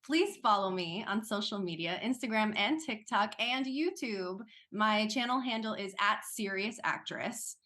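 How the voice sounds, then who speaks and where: Chatty actress guest, woman, animated delivery, mid-range voice, easy laughs. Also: mid-range voice, a little slow, hardly any pauses. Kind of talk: casual interview talk.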